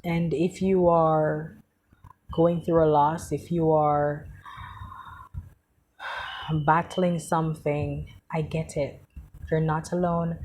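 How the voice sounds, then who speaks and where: Woman vlogger, grieving and tearful, heartfelt monologue with repeated phrases; voice sits low. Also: darkish tone, husky. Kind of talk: personal vlog monologue.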